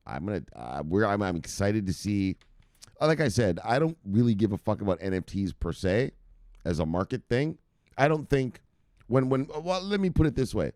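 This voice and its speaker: A man's voice: fairly low pitch, very animated, normal speed, warm tone, dry recording, clean studio sound. A man hosting a crypto news show, reading articles aloud and riffing on them in a profane, rambling way. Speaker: crypto news channel host.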